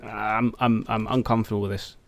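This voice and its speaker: A man's voice: on the low side, flat delivery, a little fast, vocal fry. A man commentating his own strategy game, thinking aloud and talking to his units. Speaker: gameplay commentator. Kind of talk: casual let's-play commentary.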